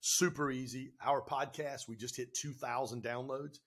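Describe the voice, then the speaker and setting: A man telling stories on a podcast as the guest, animated and emphatic, with casual slang. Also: mid-range voice, moderate pace. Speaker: guest entrepreneur and speaker. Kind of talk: energetic podcast storytelling.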